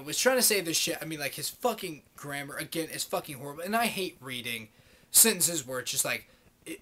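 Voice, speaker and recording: A man's voice: fairly high pitch, fairly bright tone. A young man delivering a sarcastic, profane ranting monologue to his camera, mocking people in put-on voices. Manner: sarcastic, swears constantly, mocks others in put-on voices. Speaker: video blogger.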